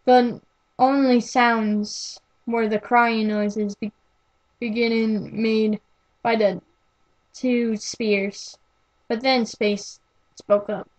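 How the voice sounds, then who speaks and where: A woman's voice: fairly high pitch, level tone, very slow, pauses often, poor audio. A young woman reading fan fiction aloud as an amateur, stumbling and restarting words often. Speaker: amateur reader.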